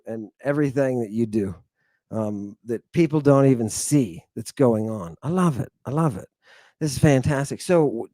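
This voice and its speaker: A man lecturing his congregation in a theatrical way, swinging between loud outbursts and low mutters. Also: no room sound. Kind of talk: animated lecture with asides.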